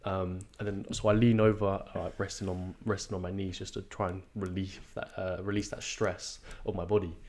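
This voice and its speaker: A young man, telling a race story in casual podcast chat, swearing freely and acting out his own shouts. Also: deep voice, flat delivery, normal speed, hardly any pauses. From England. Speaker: podcast co-host. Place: podcast studio.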